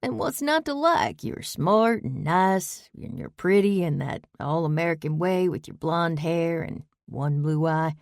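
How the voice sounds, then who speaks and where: A woman's voice: fairly low pitch, animated, measured pace, vocal fry, few pauses, no echo, studio quality. A woman voicing a friendly, teasing male banker in an audiobook. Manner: chummy, teasing. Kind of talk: audiobook character voice.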